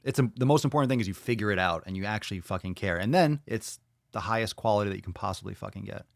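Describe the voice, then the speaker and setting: A man's voice: on the low side, expressive, fast, gravelly, dry recording, studio quality. A man hosting a podcast, chatting casually and bluntly, swearing freely as he reads viewer comments aloud and reacts to them. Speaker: podcast host.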